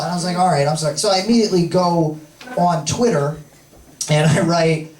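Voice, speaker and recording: A man telling a rambling, self-deprecating story on stage as a comedian, sometimes bursting into shouts. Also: on the high side, brisk, slight background noise. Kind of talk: live stand-up storytelling. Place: live comedy venue with audience. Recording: echoey live room, distant mic, crowd laughter. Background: audience laughing.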